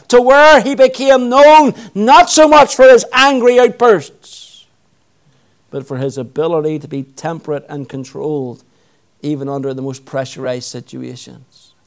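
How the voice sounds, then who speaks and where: High-voiced man preaching a sermon. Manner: reads scripture aloud, then preaches with swings from loud intensity to hushed appeals.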